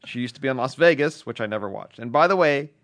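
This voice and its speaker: A man reading out a fan's letter in a put-on British accent, rattling through it quickly, his pitch moving a lot. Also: animated, fairly bright tone. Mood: chatty. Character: British male letter writer, chatty fan.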